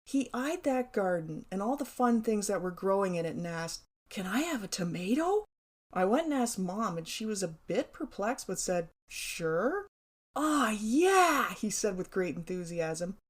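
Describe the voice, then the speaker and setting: A woman's voice: mid-range voice, a little mellow. A middle-aged woman reading her own childhood memoir aloud, wry and playful. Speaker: memoir narrator.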